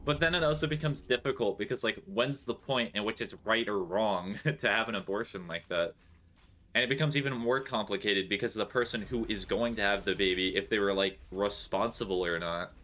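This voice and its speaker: Bright-voiced joking male streamer. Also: fairly low pitch, brisk. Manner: joking, sarcastic, laughs often. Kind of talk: casual live-stream chat while gaming.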